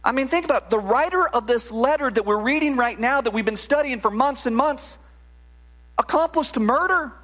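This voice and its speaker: High-voiced, animated male preacher. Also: moderate pace. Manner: animated and conversational, with frequent restarts and "right?" asides. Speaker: pastor. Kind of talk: sermon.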